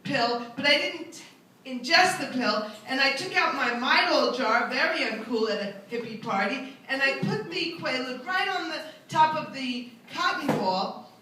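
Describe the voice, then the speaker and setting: Self-mocking older woman comic, high and bright, live stand-up, roomy distant sound. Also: expressive, unhurried, a little hiss or hum. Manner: chatty, self-mocking storyteller who hops into high character voices. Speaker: stand-up comedian. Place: live comedy venue with an audience. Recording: very echoey room, mic at a distance.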